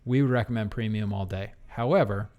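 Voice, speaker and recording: A man's voice: fairly low pitch, a little fast, a little mellow. A man hosting a casual podcast, chatting and reading out listings and prices. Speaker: podcast host.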